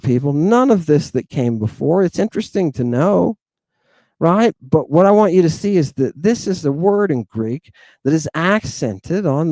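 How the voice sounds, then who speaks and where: Man, teacher, animated casual lesson, mellow voice, dry close recording. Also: on the high side, no echo. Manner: animated, repeats "fantastic" and "right?", addresses listeners as "people". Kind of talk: informal lesson.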